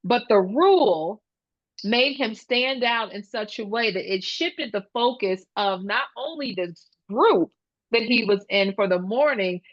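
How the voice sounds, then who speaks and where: A woman's voice: a little high, animated, a little slow, no echo, highs cut off. A woman speaking as a guest speaker at a professional talk, explaining ideas and telling stories animatedly, acting out children's voices. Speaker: guest speaker, speech-language pathologist. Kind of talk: conference talk.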